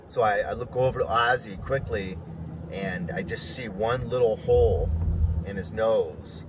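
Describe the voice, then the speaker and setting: Male vlogger, lowish voice, casual rambling storyteller, traffic noise behind. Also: unhurried. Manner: rambling, full of fillers and restarts.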